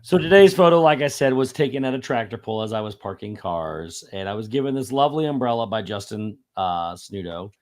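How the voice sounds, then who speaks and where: Animated storytelling man, chuckling often. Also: on the low side, brisk, few pauses. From Indiana. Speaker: podcast host. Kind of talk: casual chat, storytelling.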